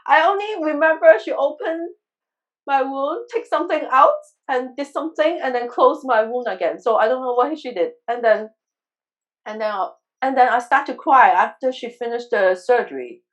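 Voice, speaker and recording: A woman tells a heartfelt personal story as an interview guest, in a fairly high voice. She talks earnestly, with plenty of halting restarts and trailing phrases. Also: expressive, poor audio. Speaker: guest, crystal healer.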